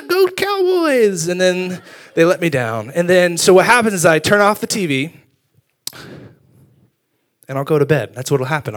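A young man preaching a sermon, telling funny stories about himself with lively energy. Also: on the high side. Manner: animated storytelling with self-deprecating humor. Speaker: youth pastor.

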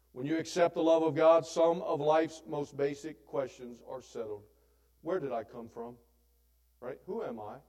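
A man preaching a sermon with a slightly high voice. He moves from loud, emphatic declarations to hushed, tender lines and back again. He talks to the audience as if in conversation, asking them questions and checking in with "right?". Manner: asks the audience questions, often adds "right?"; conversational, with restarts. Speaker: pastor.

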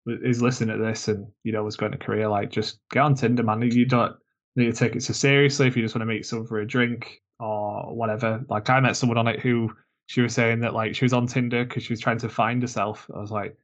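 A man's voice: mid-range voice, little pitch movement, fast, lo-fi sound. A man co-hosting a podcast, chatting casually and joking, with lots of fillers. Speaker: podcast co-host. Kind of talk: casual chat.

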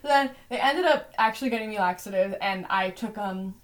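A woman's voice: mid-range voice, a little fast. A young woman in her twenties, a podcast co-host, telling a story in a chatty way, full of "like" and "you know". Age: 20s. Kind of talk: casual storytelling.

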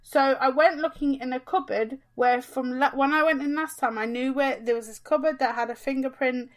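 Co-host: young woman, high voice, animated aggrieved storyteller. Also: brisk. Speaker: podcast co-host. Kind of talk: casual chat.

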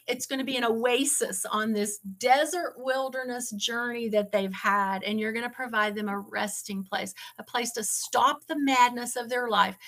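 A woman's voice: on the high side, pushed and bright. A woman being interviewed, telling her story in an earnest, emotional way and fighting back tears. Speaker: ministry founder and guest.

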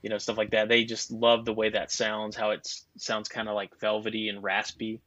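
A man's voice: lowish voice, completely flat delivery, fairly quick, bright, forceful tone, dry recording, lo-fi sound. A man on a podcast explaining phone networks in a rambling, casual way, full of fillers and restarts. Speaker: guest expert on cell networks.

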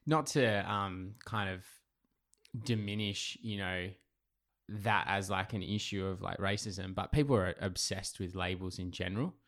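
A man raised in England hosting a casual interview podcast, asking relaxed, thoughtful questions. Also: low voice, unhurried. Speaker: podcast host.

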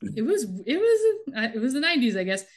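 A woman's voice: sits high, big pitch swings, fairly quick. A woman co-hosting a casual chat podcast, recapping a TV show with wry, sarcastic asides. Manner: wry, sarcastic, reads out lines with light voices.

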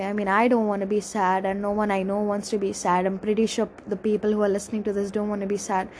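A young woman telling a personal story in a halting, emotional confessional monologue, full of pauses and restarts. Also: medium pitch, slight background noise, low-quality recording. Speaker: speaker sharing a personal story.

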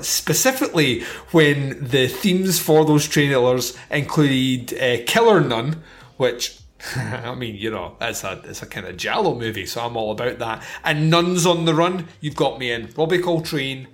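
A man hosting a casual film-review podcast, blunt and wry, swearing freely as he picks apart a movie. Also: fairly high pitch. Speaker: podcast host reviewing films.

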